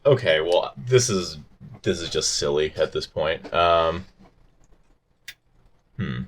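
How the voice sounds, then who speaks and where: A man's voice: sits low, animated, slow. A man playing a tabletop game who mutters in a bemused, exasperated way. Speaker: player.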